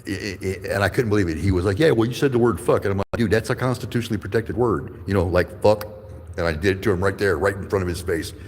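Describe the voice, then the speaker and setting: A man's voice: low-pitched, fairly even intonation, quick pace, few pauses, long reverb tail. A man in his fifties ranting angrily and profanely while livestreaming, telling rambling stories. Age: 50s. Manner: angry, profane, rambling storytelling. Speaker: livestreaming channel host. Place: courthouse building with echo.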